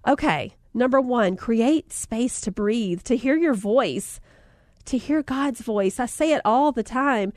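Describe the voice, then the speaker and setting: Animated woman telling a faith story. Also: a little high, unhurried, no room sound, clean studio sound. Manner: animated storyteller, acts out voices in anecdotes; conversational, addresses listeners as guys. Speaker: motivational speaker. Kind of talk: faith-based storytelling talk.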